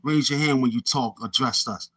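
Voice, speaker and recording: A man's voice: mid-range voice, moderate pace, fairly bright tone, slightly rough. A middle-aged man with a Brooklyn accent hosting a livestream in casual chat, answering viewers in streetwise slang and repeating himself. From Brooklyn, New York. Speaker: livestream host reading chat.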